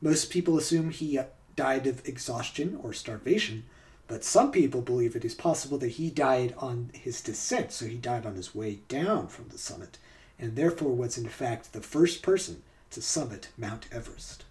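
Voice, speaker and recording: A man's voice: mid-range voice, animated, moderate pace, darkish tone. Man reading out quiz trivia. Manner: reads facts aloud, then chats casually. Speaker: podcast host.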